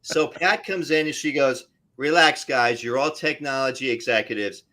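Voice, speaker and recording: Pewny siebie mężczyzna, barwny gawędziarz. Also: male voice, medium pitch, normal speed. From New Jersey area. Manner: animated, tells stories with voices and asides. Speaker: actor guest. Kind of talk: casual storytelling on a live stream.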